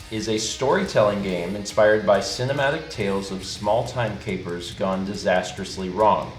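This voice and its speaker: A man's voice: fairly low pitch, roomy sound. A man hosting a stream, chatting casually and reading out game rules in an easygoing, patient way.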